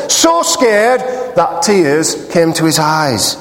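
Man preaching, lively up and down voice, teasing the crowd, long echo in the hall. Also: on the high side, unhurried, few pauses. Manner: playful, teasing the congregation. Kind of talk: sermon with a told joke.

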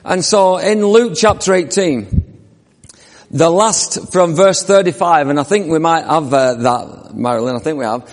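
A man's voice: fairly high pitch, a little slow. A man preaching a sermon, telling the story vividly and asking the congregation questions. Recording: long reverb of a church hall.

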